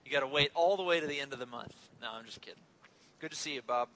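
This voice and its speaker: A man's voice: medium pitch, quick pace, fairly bright tone, slight background noise, low-quality recording. A man in his thirties preaching a sermon as a pastor, conversational and joking, telling family stories.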